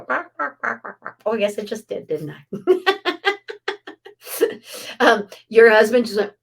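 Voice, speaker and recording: Chatting her way through a live reading for an audience, this middle-aged psychic medium relays messages between quick side remarks. Her voice is mid-range.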